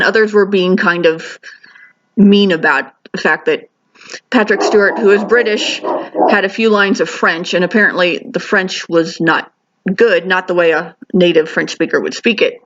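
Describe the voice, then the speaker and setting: A woman's voice: mid-range voice, fairly bright tone. A woman talks through a TV episode review in a chatty, enthusiastic way, often restarting her sentences and going off on asides. The recording sounds a little dull and lo-fi. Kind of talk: casual spoken review.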